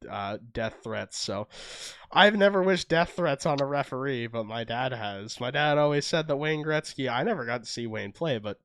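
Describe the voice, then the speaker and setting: A man's voice: medium pitch, moderate pace, clean tone, dry recording. A young Canadian man co-hosting a podcast, telling stories in casual chat and acting out the quotes. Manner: animated storytelling, acts out quotes. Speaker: podcast co-host.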